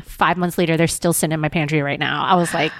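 A young woman co-hosting a podcast in casual chat, opinionated and quick to laugh. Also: low-pitched, steady tone, slight background noise. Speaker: podcast co-host.

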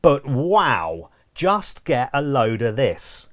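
A man's voice: mid-range voice, very animated, slow, a bit bright. Guy co-hosting a trivia podcast, dry and a bit mock-posh. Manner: dry, mock-formal politeness. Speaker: podcast co-host. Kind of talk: casual trivia chat.

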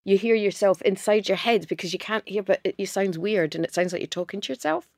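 A woman's voice: medium pitch, quick pace, no echo. A woman from Scotland, a podcast guest, telling nervous self-mocking stories in a studio. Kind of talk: casual chat. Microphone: studio headphones and mic.

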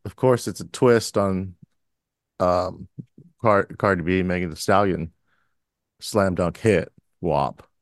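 A man's voice: deep voice, slow, pauses often, no echo, studio quality. A man co-hosting a podcast, riffing sardonically in casual comedic banter with mock-grand phrasing. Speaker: podcast co-host.

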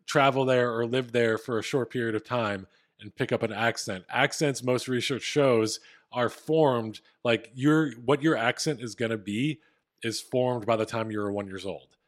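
Chatty male podcast co-host. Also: medium pitch. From Philadelphia area. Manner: storytelling, lots of fillers. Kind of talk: casual podcast chat.

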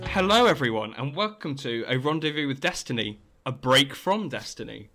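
A man's voice: mid-range voice, expressive, normal speed, music in the background. A man hosting a tabletop game podcast as game master, chatty with stumbling restarts. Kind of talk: podcast introduction and housekeeping.

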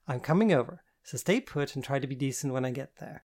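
A woman's voice: a bass voice, lively intonation, a little fast, darkish tone. A woman voicing a bubbly, theatrical woman friend who teases and takes charge, in a storybook reading. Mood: commanding. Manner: teasing, theatrical, gleeful. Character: bubbly flamboyant woman friend, teasing counsellor.

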